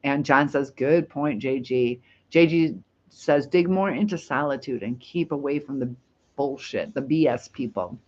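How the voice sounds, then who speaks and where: A woman's voice: very deep voice, unhurried, darkish tone. A woman from the United States hosting a casual live chat, rambling and laughing as she reads viewer comments. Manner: chatty, rambling, laughs easily. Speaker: livestream host. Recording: dull lo-fi stream audio.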